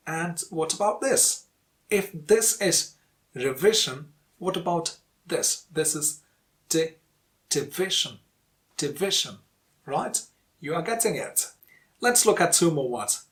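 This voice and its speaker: A man teaching an online pronunciation lesson, saying each example word slowly and repeating it as a drill. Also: on the high side, expressive, a bit bright. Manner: calls for likes and subscribes.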